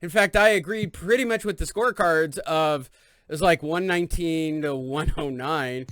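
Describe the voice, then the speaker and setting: A man from East Los Angeles hosting a boxing podcast, joking and telling animated stories in casual chat. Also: on the high side, clean tone, dry recording. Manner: loud, joking, animated storytelling. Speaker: podcast host.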